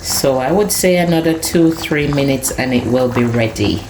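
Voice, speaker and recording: A woman's voice: rumbling low, moderate pace. A woman chatting to viewers while she cooks in her home kitchen, tasting and savoring the food. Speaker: cooking vlogger. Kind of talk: casual cooking vlog talk to viewers. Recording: echoey kitchen with cooking noise. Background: pot boiling.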